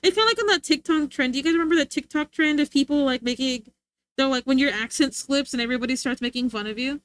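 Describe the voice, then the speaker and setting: A woman's voice: high-pitched, fast, dry recording. Giggly, rambling young woman streamer. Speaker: livestreamer. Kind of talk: casual chat with viewers.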